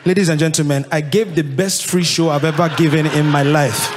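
A man with a Nigerian accent in his thirties, telling his life story to an audience in lively, animated storytelling. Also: a little fast, few pauses, faint music behind, a faint crowd. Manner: lively, acts out voices of others with big pitch jumps, laughs while telling.

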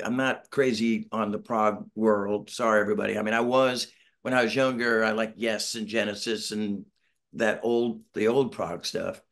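This middle-aged man has a lowish, gravelly yet fairly bright voice. Appearing as an interview guest from his home in Northern California over video, the band member rambles and restarts through a long tale, voicing others' quotes in a relaxed, self-mocking way.

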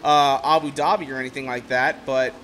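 A young man from Ohio giving casual, rambling commentary while streaming a racing game, getting excitable when telling stories. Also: mid-range voice, fairly quick, slight background noise. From Ohio, USA. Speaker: gameplay streamer.

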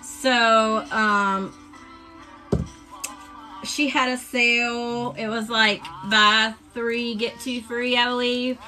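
A woman chatting casually on a live stream, showing off her craft supplies in a drawn-out, enthusiastic way. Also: a little high, level tone, pushed and bright, faint music behind, poor audio.

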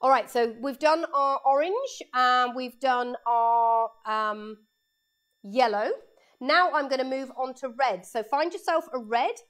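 A woman's voice: high voice, takes it slowly, a bit bright. A woman art teacher giving a live painting lesson for children in her studio, chatting and explaining each step as she draws, speaking into a lapel mic.

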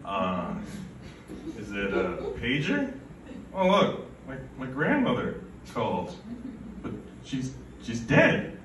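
A man's voice: medium pitch, huge pitch swings, slow, long pauses. Rambling man doing stand-up, roomy far sound. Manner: rambling, absurd, stammering delivery. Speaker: stand-up comedian. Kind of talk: stand-up comedy set. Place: live comedy event venue. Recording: roomy, from far off, faint noise.

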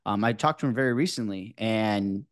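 A man's voice: on the low side, normal speed. A man, a former health teacher, chatting in a podcast and telling stories loosely with lots of "you know" and "like". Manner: relaxed storytelling, many fillers like "you know" and "like". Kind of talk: casual podcast conversation.

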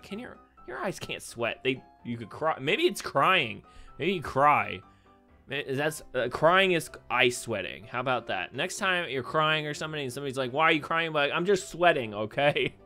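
A man's voice: a little high, sharp tone. A young man commenting casually on a quiz game, rambling, thinking aloud and laughing often. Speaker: gaming YouTuber. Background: faint background music.

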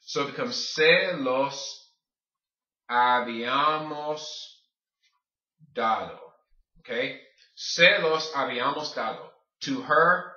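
A man teaching Spanish grammar in a video lesson, explaining each step slowly as he writes it out. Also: medium pitch, sharp tone. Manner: explains step by step, writing on a board. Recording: roomy, dull lo-fi sound.

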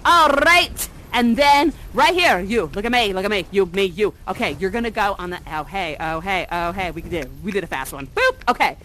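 A woman's voice: medium pitch, expressive, moderate pace, few pauses, a bit bright, low-quality recording. A woman actor guiding an audience through an interactive performance, talking in a playful, silly and theatrically dramatic way into a headset mic.

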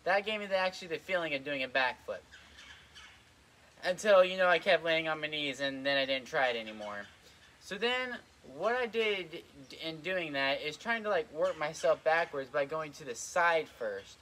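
A man's voice: fairly high pitch, expressive, normal speed, sharp tone, slight background noise. Breathless young man rambling trampoline tips. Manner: rambling, lots of "like" and "kinda", repeats himself. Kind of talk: casual instructional vlog. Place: outdoors on a trampoline.

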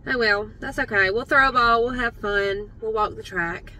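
Bright-voiced woman vlogging with her dogs. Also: on the high side, normal speed. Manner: chatty, talks to her dogs firmly. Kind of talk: casual vlog chat. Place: in a car.

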